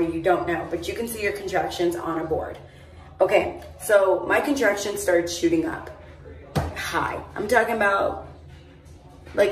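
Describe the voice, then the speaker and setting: A young woman telling a long personal story to her phone camera in a chatty, rambling way, full of "like" and "mind you". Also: mid-range voice. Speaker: vlogger. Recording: roomy echo, phone held at a distance.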